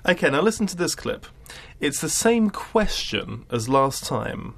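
A man's voice: fairly high pitch, sing-song, measured pace, gravelly, fairly bright tone. A man teaching an English class, patient and encouraging with his students.

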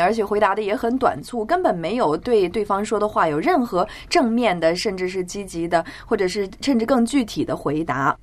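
Lady co-host explaining stuff quick, voice bouncing all over. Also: fairly high pitch. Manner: fluent, explanatory. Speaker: co-host and interpreter. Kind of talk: explaining in Chinese.

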